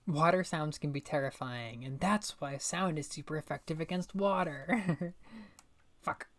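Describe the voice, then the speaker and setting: A woman's voice: low voice, measured pace. A young adult woman chatting playfully through a gaming livestream, muttering to herself and swearing now and then. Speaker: streamer. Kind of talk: casual gaming livestream commentary.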